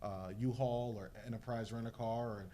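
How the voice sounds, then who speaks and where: A man's voice: medium pitch, steady tone, moderate pace, mellow, slight background noise. A man speaking as a panelist and community activist, earnest and hesitant, with many fillers. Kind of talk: panel discussion.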